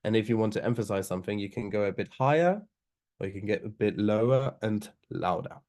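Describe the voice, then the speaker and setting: A young man giving an online seminar on oral advocacy, talking loosely with many fillers and restarts, and slowing right down to show a point. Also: on the low side, a little mellow. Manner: loose, filler-heavy delivery, slowing down to demonstrate.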